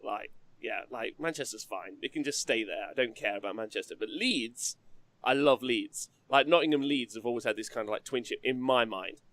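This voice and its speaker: A man's voice: mid-range voice, normal speed, a bit bright. A man from England, hosting a casual, rambling chat show, swearing and laughing as he talks. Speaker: podcast host.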